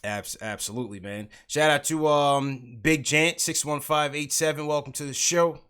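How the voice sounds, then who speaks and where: A man's voice: a little high, steady tone, normal speed, fairly bright tone, clear, resonant tone. A man hosting a sports livestream podcast, talking casually about basketball and calling out chat viewers. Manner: hypes up the chat, greets viewers.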